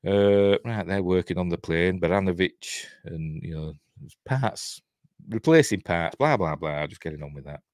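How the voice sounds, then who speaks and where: A man's voice: low-pitched, normal speed, a little mellow, no room sound, studio quality. A middle-aged man with a Yorkshire accent, chatting casually through a film commentary, rambling and breaking off with chuckles. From Yorkshire, England. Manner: rambling, chuckling, self-interrupting. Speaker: host.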